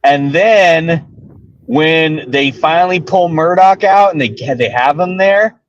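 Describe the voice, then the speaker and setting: A man chatting casually about a movie while driving, excitable, laughing a lot and swearing casually. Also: a little high, slow, dull audio. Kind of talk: casual chat. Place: in a car.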